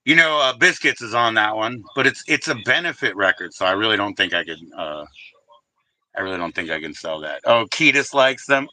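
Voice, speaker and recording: A man's voice: medium pitch, animated, moderate pace, pushed and bright, no room sound, rough recording. Rambling, foul-mouthed man on a livestream. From Washington DC area. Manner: rambling, profane, sings snatches of songs. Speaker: livestream host. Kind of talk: casual livestream chat about records.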